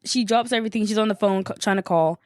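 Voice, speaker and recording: A woman's voice: medium pitch, fast, no room sound, studio quality. A young woman, a podcast co-host, telling a story in casual chat, swearing and acting out the people she quotes.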